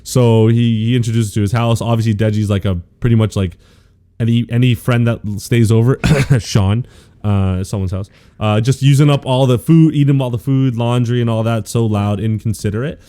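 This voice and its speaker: A man with a mellow, warm voice recapping episodes in a loose, rambling way on a casual podcast. He talks with slangy asides and restarts, and his pitch sits mid-range for a man. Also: normal speed. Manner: rambling, animated retelling with laughs and slangy asides. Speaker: podcast co-host. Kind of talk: casual anime recap chat.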